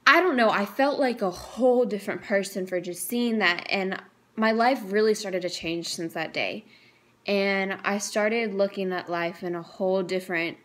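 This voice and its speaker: A woman's voice: medium pitch, fairly bright tone. Teen girl vlogger, heartfelt and chatty, emotional testimony to camera. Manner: earnest and emotional, chatty with frequent "like". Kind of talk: personal faith testimony to camera.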